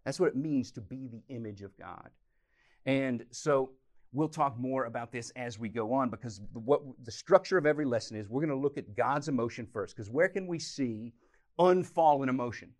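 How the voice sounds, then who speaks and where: A man preaching a teaching sermon, animated, swinging from loud emphasis to quiet, intense moments. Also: mid-range voice, moderate pace. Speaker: pastor.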